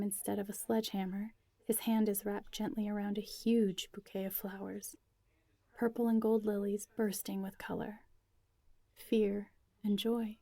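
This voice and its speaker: A woman reads a first-person story aloud in an intimate way, close to a whisper at times. Her voice is gravelly and mellow, and it sounds dry and close. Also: mid-range voice, no room sound. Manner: intimate, often near a whisper. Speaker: narrator.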